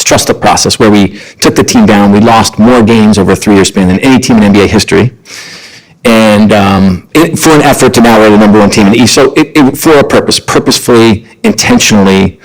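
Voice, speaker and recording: A middle-aged man, a guest on a podcast, telling earnest, animated stories about his work and family. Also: fairly low pitch, poor audio. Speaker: podcast guest, sports executive. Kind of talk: conversational storytelling.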